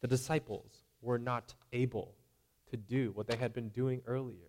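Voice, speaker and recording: A man's voice: mid-range voice, fairly even intonation, moderate pace, a little mellow, slight background noise. Male preacher, mid-range voice, casual conversational sermon delivery. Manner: conversational, repeating "right?" and acting out imagined voices.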